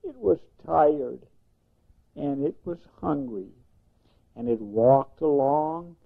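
An older man, a grandfather, slowly telling a gentle bedtime story in a singsong way. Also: fairly high pitch, vocal fry. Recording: tinny phone-like sound.

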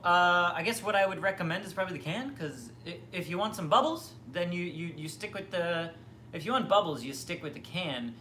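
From beside the fridge in his home kitchen, a young man hosts a casual livestream, answering viewer comments in rambling chat laced with fillers and restarts. His high-pitched voice comes across pushed and bright, with a little hiss or hum on the recording.

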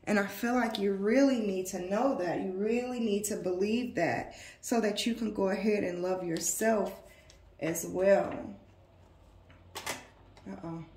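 A woman giving an intuitive tarot reading to her viewers, earnest and emotional, with slow, emphatic affirmations. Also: medium pitch, darkish tone, reverberant, a little hiss or hum. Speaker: tarot reader.

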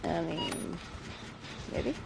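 A woman streaming a game with casual commentary, who laughs a lot and yells at the game. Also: extremely slow, over loud music.

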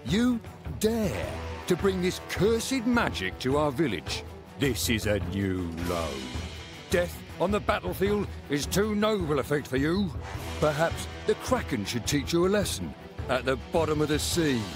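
A man's voice: fairly high pitch, sing-song, unhurried, pitched above the performer's own voice. A man voicing a furious older Viking village chief who roars scornful threats in a game cutscene. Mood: enraged. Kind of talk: storybook game cutscene narration. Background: music.

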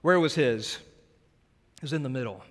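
A male pastor giving an altar call in a church, earnest and pleading, shifting between loud urging and hushed prayer. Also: medium pitch, lively intonation, moderate pace. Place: church sanctuary. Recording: long church hall reverb with soft music.

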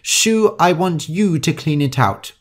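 A man's voice: fairly high pitch, lively intonation, takes it slowly, pitched above the performer's own voice. A man doing a stern grumpy old landlady. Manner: stern, scolding.

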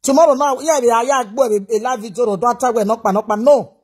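A woman scolds and lectures at length. Her voice is husky and breathy, and she switches between English and a local language. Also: a little high, fairly quick, a little mellow. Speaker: commentator. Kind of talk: scolding commentary.

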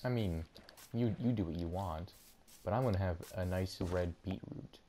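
Deep-voiced young man, laid-back gamer. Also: normal speed, background noise. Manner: laid-back, jokey, slangy. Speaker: host and player. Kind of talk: casual gaming chat.

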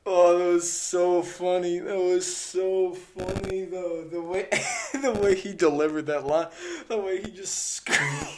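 A man's voice: high voice, slow, noisy background. A young man hosting a reaction video, gushing and laughing a lot as he comments. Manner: giggly, gushing, laughs often. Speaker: reaction channel host.

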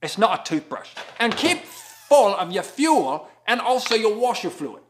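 A man's voice: sits high, big pitch swings, measured pace, slight background noise. A man with an Appalachian accent giving a jokey driving-conditions vlog from his car, sprinkling in mock Aussie slang. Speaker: vlogger giving road reports.

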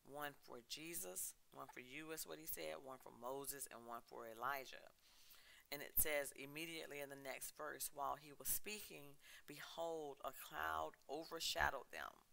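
A man preaching a sermon with emphatic, chant-like repeated lists, reading scripture with dramatic pauses. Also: on the high side, vocal fry, sharp tone, low-quality recording. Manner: reads scripture dramatically, slowing and dropping his voice.

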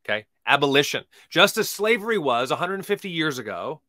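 A man hosting a podcast, giving emphatic, preachy commentary that swings between loud and quiet, and slowly reading scripture aloud. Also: a little high, sing-song, no echo, studio quality. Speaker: podcast host.

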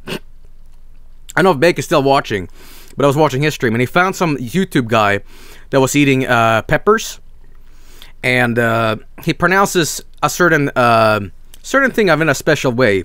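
A man's voice: medium pitch, animated, moderate pace, a bit bright, smooth, no room sound, clean studio sound. A man from Sweden, hosting a casual snack review stream, enthusiastic and rambling, swearing freely. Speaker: streamer host.

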